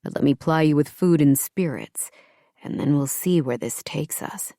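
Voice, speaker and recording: A woman doing a soft-spoken deep-voiced sheriff. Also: moderate pace, no echo, clean studio sound. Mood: tender. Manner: low, soft and tender, often whispered.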